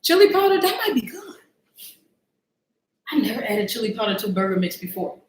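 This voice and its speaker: High-voiced chatty woman cooking host. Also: sing-song, brisk, roomy sound, slight background noise. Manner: chatty and self-mocking, talks to viewers while searching the spice shelf. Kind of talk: casual live cooking stream chat. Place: home kitchen.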